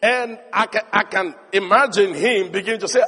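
A man preaching a sermon, telling the story with animation and building to emphatic shouts. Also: high voice, normal speed, slightly rough. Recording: long hall reverb.

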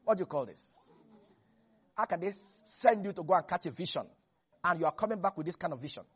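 A preacher delivering a lively sermon, laughing and acting out Bible characters. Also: mid-range voice, quick pace, slightly rough.

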